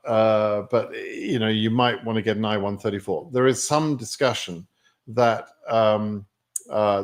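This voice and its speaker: A man with an English accent answering viewer questions on a live stream, in a chatty way with many fillers. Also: on the low side. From England.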